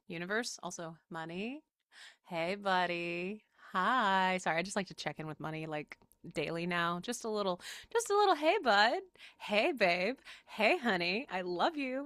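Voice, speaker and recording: A woman's voice: on the low side, a bit bright, dry recording. A woman with a Southern US accent, chatting to camera in a rambling way and laughing often, sick and exhausted. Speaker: spiritual channel host. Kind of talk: casual talk to camera.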